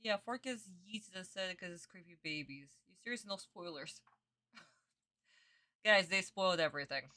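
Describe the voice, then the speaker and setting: A woman's voice: lowish voice, animated, a little slow, bright, forceful tone. A young woman streaming her reaction to a dubbed anime, chatting casually with viewers, exasperated, swearing and bursting into laughs.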